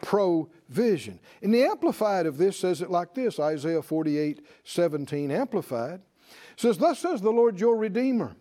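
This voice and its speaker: A man preaching a sermon, emphatic and animated, stretching out key phrases and rising to exclamations. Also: high voice, moderate pace.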